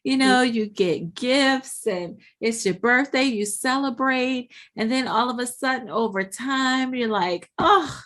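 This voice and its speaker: A woman's voice: on the high side, unhurried, hardly any pauses. A woman hosting a motivational business podcast, telling stories and acting out little inner voices as she goes. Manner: animated storytelling, acts out inner voices. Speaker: podcast host.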